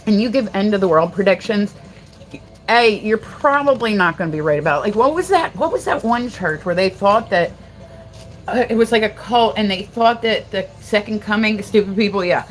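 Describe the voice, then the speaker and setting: A woman's voice: medium pitch, moderate pace, slight background noise, low-quality recording. A woman from Delaware hosting a casual livestream, rambling and swearing as she talks. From Delaware, USA. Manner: profane, rambling, animated. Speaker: livestream host.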